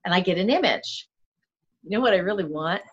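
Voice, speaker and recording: Middle-aged woman with a low, dull-sounding voice. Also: a little fast, husky. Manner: earnest, animated, self-correcting speech. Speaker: shamanic guest. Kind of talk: casual conversation. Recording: dull lo-fi audio.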